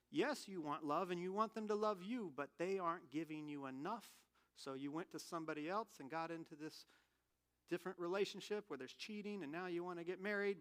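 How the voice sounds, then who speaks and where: A man preaching a sermon in a candid, animated, conversational way, telling personal stories. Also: high-pitched. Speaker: pastor.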